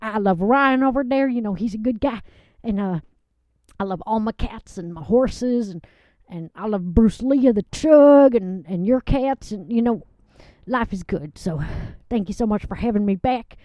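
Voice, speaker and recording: A woman's voice: on the high side, animated, normal speed, warm tone, no room sound, close to an everyday voice. A woman playing a folksy, lovestruck woman who rambles, gushes and gets tearful in a comedy bit. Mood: flustered. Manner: rambling, gushing, tearful, dialect-heavy. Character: folksy lovestruck Southern woman, giddy and emotional. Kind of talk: improvised comedy character bit. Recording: dull lo-fi recording.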